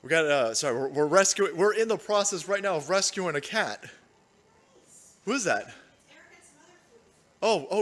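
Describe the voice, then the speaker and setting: A man's voice: high-pitched, expressive, normal speed, pauses often, a bit bright. A man hosting a casual live-stream show from home, rambling loosely with crude jokes and frequent laughter. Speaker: livestream show host.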